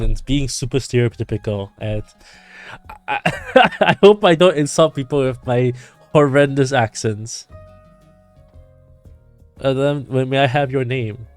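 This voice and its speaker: A man's voice: mid-range voice, normal speed, dry recording, soft background music. A man streaming a video game, chatting casually, giggly and self-mocking. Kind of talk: casual gameplay commentary.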